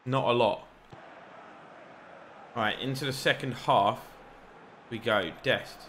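A young man giving excitable, rambling live commentary over a football video game, shouting encouragement at the players and joking at himself. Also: mid-range voice, takes it slowly, a little hiss or hum. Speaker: gaming YouTuber.

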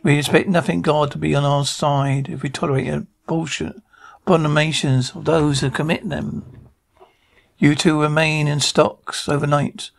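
A harsh Puritan magistrate handing down sentences with cold scorn, voiced by a man. The voice is gravelly and pitched a bit high. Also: level tone, moderate pace. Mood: stern. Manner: pronouncing judgment, scornful. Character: stern Puritan male magistrate, harsh and self-righteous.

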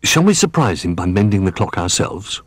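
A man putting on a small young toy bear from a storybook, eager and excitable, bouncing up high from one phrase to the next. The voice is a little husky and sits close and dry. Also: normal speed, no echo, heavily acted. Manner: excitable, anxious to help.

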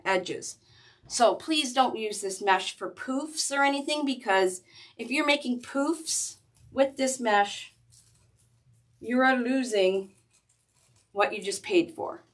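A middle-aged woman hosting a casual craft tutorial, chatting and restarting her sentences as she works with her hands. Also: mid-range voice. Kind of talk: casual step-by-step craft demonstration.

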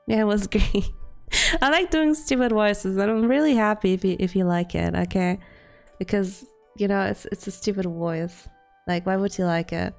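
A woman's voice: medium pitch, normal speed, gravelly, soft background music. A young woman livestreaming from her room at home, chatting casually, giggling often, swearing and teasing herself. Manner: giggly, swearing, playful and self-mocking. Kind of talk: casual live-stream chat. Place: home room with the window open.

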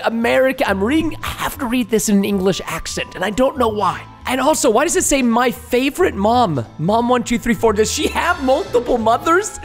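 An excitable man hosting a let's play, joking and laughing as he goes, with a very animated pitch that leaps around. A soft music bed plays faintly behind his voice. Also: moderate pace, hardly any pauses. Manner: excitable, jokey, prone to laughing. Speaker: gaming video host.

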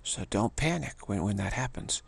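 Older male spiritual teacher, husky and raspy, low-pitched, halting delivery full of restarts. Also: expressive. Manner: halting, with many restarts and pauses. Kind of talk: meditative teaching talk.

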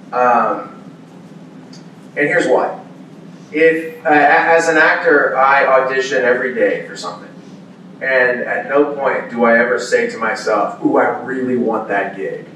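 A man on a convention panel spins animated stories, acting out the exclamations of the people in them. His voice comes from a distance in a big, echoey hall. A faint hum of ambience sits underneath. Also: medium pitch, a little slow, dull audio. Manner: animated storyteller, acts out quoted exclamations. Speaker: voice actor guest at a convention panel. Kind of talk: casual storytelling Q&A. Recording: echoey hall audio from far off.

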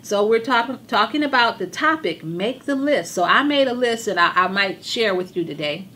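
A hoarse woman in a mid-range voice hosts a gospel television show. She preaches with fervent, repeated emphasis. A faint hum of background noise sits under her voice. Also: mid-range voice, lively intonation, normal speed, bright, forceful tone. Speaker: TV show host. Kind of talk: religious talk show monologue.

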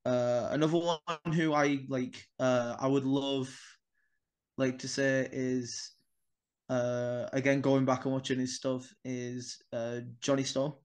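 A man's voice: medium pitch, takes it slowly, clean tone. A young man spins a story on a podcast, acting out each exchange with plenty of swearing. His voice sits in an ordinary middle register. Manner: animated, swears freely, acts out dialogue. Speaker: wrestler guest.

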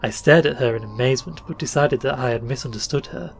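A man narrating an old short story for a podcast in a measured, even reading. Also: medium pitch, vocal fry, slight background noise. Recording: faint music bed under voice.

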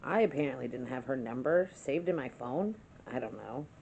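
A woman vlogger telling a story in a casual chat-with-me video, chatty and animated, laughing through it and swearing now and then. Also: rumbling low, moderate pace, vocal fry, lo-fi sound, slight background noise.

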